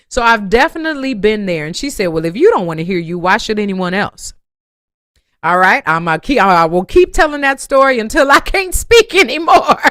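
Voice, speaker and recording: A woman's voice: on the high side, fairly bright tone, no echo, studio quality. A woman voice teacher giving an online singing lesson, encouraging her students and breaking into sung phrases and vocal exercises.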